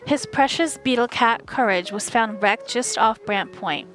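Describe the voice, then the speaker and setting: A woman reading an audiobook, voicing a pushy, self-absorbed rich young woman in a slow drawl. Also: on the high side, fairly bright tone, faint music behind, poor audio.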